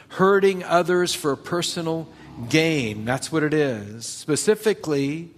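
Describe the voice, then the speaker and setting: A man preaching a sermon in a conversational storytelling way, acting out the people in his stories. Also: fairly high pitch. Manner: conversational, storytelling, acts out quotes. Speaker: pastor.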